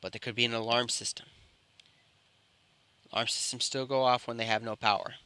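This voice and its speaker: Young hero dude voiced by a guy, gentle and calm, bright clean voice up close. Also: medium pitch, fairly quick, clear, resonant tone, dry recording, natural voice. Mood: reassuring. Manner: soft, calm and reassuring. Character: brave young hero boy, gentle and reassuring.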